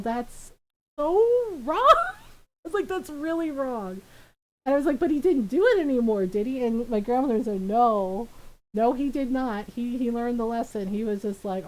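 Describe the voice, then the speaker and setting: High-voiced woman streamer, laughing a lot. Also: poor audio. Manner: laughs often while telling stories; animated, acts out family members' voices. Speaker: live-streamer. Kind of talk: casual chat while gaming.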